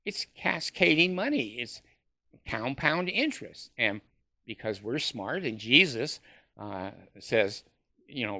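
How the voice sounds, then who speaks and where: A man talks in a sarcastic, mocking monologue, his voice very bright and edgy. He scoffs with short laughs and trips over "uh" and restarts. The sound is dry and close, with no room around it. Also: mid-range voice, very animated, takes it slowly, dry recording. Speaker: former church member ranting to camera.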